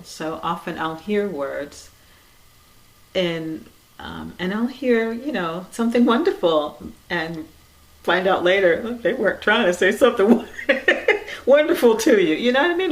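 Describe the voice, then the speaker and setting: A woman with a slightly low voice gives a reflective dharma talk. She speaks conversationally and gently, often saying "you know" and letting her phrases fall quiet. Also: poor audio. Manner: conversational, frequent "you know", soft laughs.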